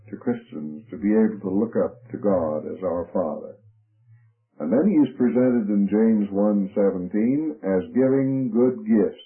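A man giving a methodical Bible lesson, working through his points by number and letter in a radio broadcast. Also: lowish voice. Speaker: Bible teacher. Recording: phone-like narrow radio broadcast.

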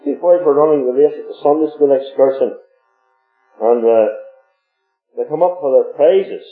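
A man preaching a sermon, telling homely stories, his voice swinging between low murmurs and high exclamations. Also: moderate pace, faint music behind. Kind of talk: sermon with storytelling. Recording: echoey, phone-like old recording.

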